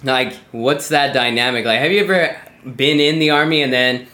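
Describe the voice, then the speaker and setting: A man's voice: medium pitch, fairly even intonation, moderate pace, pushed and bright. A man hosting a podcast, talking loosely and profanely in a casual interview chat. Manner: loose, rambling, profane, drops into slangy quotes. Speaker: podcast host. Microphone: podcast microphone. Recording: echoey room.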